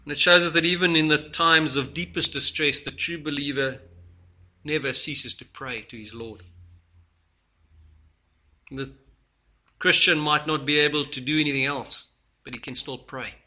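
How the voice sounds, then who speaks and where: Bright-voiced man preaching a sermon. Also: on the high side, fairly even intonation, moderate pace, pauses often. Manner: earnest, swinging from loud to hushed.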